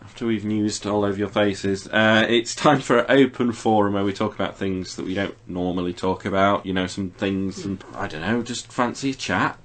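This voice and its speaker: A man hosting a podcast, telling an anecdote in casual chat. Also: fairly low pitch. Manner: animated storyteller, quick asides. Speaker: podcast host.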